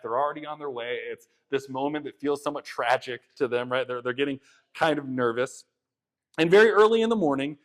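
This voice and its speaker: A young man preaching a conversational sermon, retelling a story in a casual, animated way with many fillers. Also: on the high side. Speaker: pastor.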